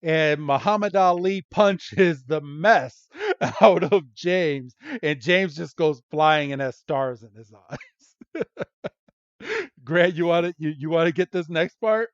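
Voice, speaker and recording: Slow, giggly podcast host man. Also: on the high side, lively intonation, no room sound. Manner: giggly, hesitant storytelling with many ums. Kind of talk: casual chat retelling an episode. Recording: dull lo-fi podcast audio.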